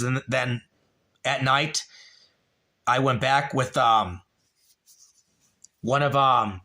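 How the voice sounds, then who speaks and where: A man's voice: mid-range voice, bright, forceful tone. A man hosting a livestream, chatting to viewers in a rambling, repetitive way, calling them by name and swearing. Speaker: livestream host. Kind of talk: casual livestream chat answering viewers.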